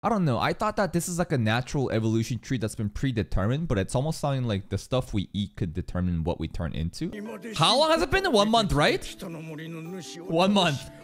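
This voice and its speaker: A young man doing casual anime reaction commentary, excitable and swearing often as he talks to the screen. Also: mid-range voice, quick pace, few pauses.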